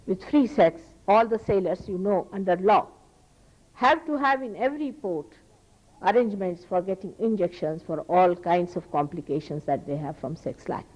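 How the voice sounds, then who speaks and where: A woman from India with an Indian accent, giving an earnest, emphatic spiritual lecture as a teacher to an audience, with pauses and restarts. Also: fairly low pitch, a little mellow, poor audio.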